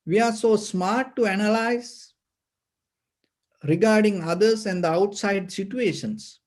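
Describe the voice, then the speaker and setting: A man giving a Buddhist sermon, speaking haltingly with fillers and restarts. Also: sits high, a little mellow. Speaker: Buddhist teacher.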